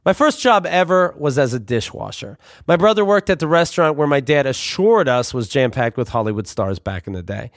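A young man telling comic stories about his youth in a wry, deadpan manner. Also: medium pitch, a little fast, few pauses, no room sound, studio quality. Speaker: storyteller. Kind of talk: comic storytelling.

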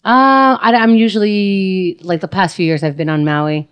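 A woman's voice: medium pitch, steady tone, normal speed, smooth. A woman guest on a casual podcast, talking hesitantly with many restarts and trailing sentences. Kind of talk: casual chat.

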